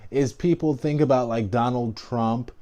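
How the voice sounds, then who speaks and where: A man vlogging casual political commentary, talking in an animated, emphatic way with frequent restarts and asides. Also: mid-range voice, unhurried.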